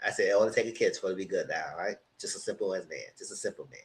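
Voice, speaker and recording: A man giving a casual live recap of a reality dating show, animated and slangy, with mocking asides to the contestants. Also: low-pitched, very fast. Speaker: reality TV reviewer.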